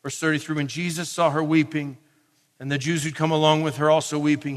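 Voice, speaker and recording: A man preaching a sermon in a conversational way, asking his listeners questions and building to forceful emphasis. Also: on the high side, little pitch movement, brisk. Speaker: pastor. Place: church or camp meeting hall. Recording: long reverb of a large hall.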